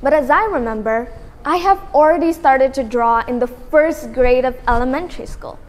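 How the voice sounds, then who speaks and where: A woman's voice: sits high, normal speed. A teenage girl reciting a memorized contest speech in an earnest way. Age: teens. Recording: long hall reverb.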